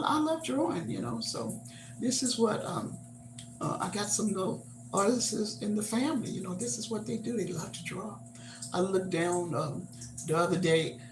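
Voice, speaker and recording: An older woman hosting a live stream, chatting casually and haltingly with many fillers and repeated words. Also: mid-range voice, slight background noise. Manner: reminiscing, homespun. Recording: roomy echo.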